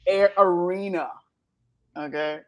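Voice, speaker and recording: A woman's voice: fairly low pitch, fairly even intonation, slow, darkish tone. A woman chatting casually as a podcast co-host, playful and emphatic. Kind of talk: casual chat.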